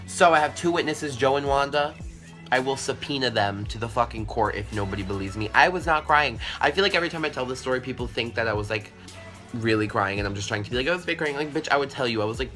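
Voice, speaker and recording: A young man tells a story straight to the camera, chatty and animated, with a lot of swearing and filler words. His voice is bright and forceful. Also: mid-range voice. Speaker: vlogger. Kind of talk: storytime vlog.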